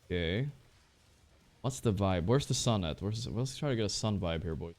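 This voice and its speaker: Low-voiced excitable male streamer. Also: normal speed, faint music behind. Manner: excitable, trash-talking, swears a lot. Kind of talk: casual live-stream chat while playing.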